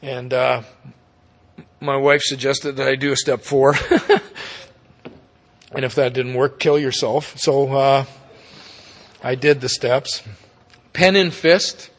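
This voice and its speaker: A man's voice: medium pitch, steady tone, slow pace, long pauses. A middle-aged man, giving a candid, profane personal recovery talk with folksy tag questions. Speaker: speaker at a recovery meeting. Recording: long reverb of a meeting hall.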